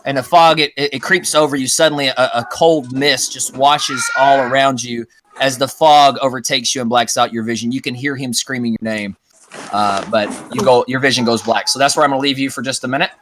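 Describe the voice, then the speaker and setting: A man running a tabletop game as dungeon master, walking the players through each scene. His voice has a bright, forward edge, and he talks at a middle pitch, filling pauses with small "uh"s as he describes the action. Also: steady tone, slight background noise. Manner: descriptive storytelling with fillers.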